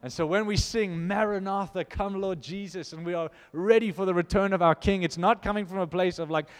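A man preaching a sermon to his church, impassioned, swinging from loud to hushed. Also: high voice, fairly even intonation, fairly quick, clear, resonant tone. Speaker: pastor. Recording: long hall reverb.

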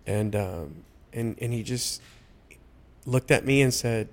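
Young adult man, medium voice, halting heartfelt chat guest with frequent restarts. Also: mid-range voice. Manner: halting, many restarts and fillers. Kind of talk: casual heartfelt conversation.

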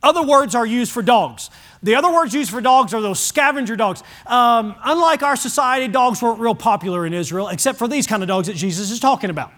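High-voiced pastor preaching. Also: male voice, a little fast. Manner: animated, folksy, shifts from loud to hushed. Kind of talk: sermon.

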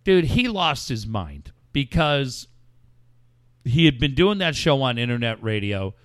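A man's voice: mid-range voice, very animated, measured pace, dry recording, studio quality. A man hosting a podcast, telling long stories in casual, profanity-heavy chat. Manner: profane, rambling storyteller. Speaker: podcast host.

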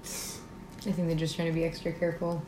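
A woman co-hosting a casual podcast, giggly and prone to loud bursts of laughter. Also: sits low, monotone, moderate pace, a little hiss or hum. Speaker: podcast co-host. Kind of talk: casual chat. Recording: echoey room.

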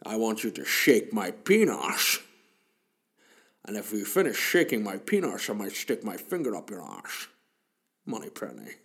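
A man voicing an impression of a suave older male film star, with slow, lisping, slurred speech. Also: huge pitch swings, gravelly, a bit bright, full character voice. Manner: slow, low, lisping innuendo. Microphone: podcast microphone.

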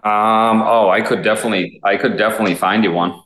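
Deep-voiced man in an echoey garage. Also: fairly even intonation, fairly bright tone. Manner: halting, many fillers, blunt swearing. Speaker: guest, police K9 officer. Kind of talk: casual interview conversation. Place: home garage gym.

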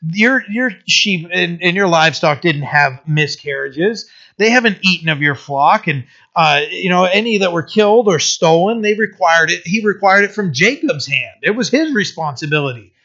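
A man putting on an indignant fed-up worker, demanding, bright and forceful, lo-fi. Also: high voice, lively intonation, moderate pace, exaggerated voice. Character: fed-up hardworking man confronting his boss. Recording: dull lo-fi recording.

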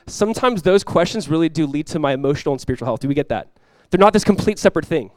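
A man's voice: on the high side, expressive, very fast, darkish tone, dry recording. A man preaching a sermon as pastor, talking casually with the congregation and rising into emphatic bursts.

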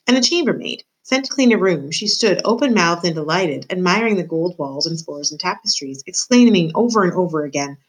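A woman teacher reading a novel aloud to her students, expressive and addressing the reader directly. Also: on the low side, fairly quick, hardly any pauses, rough recording. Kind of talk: read-aloud storytelling.

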